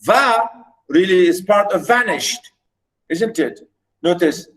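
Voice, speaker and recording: A man's voice: high voice, a little slow, poor audio. A man lecturing on poetry, repeating himself often with many fillers and restarts. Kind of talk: recorded lecture.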